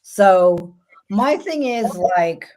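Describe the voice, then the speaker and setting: A woman's voice: mid-range voice, lively intonation, very slow, warm tone. A woman with a New York accent co-hosting a casual livestream chat, talking in a rambling, self-interrupting way. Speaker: co-host.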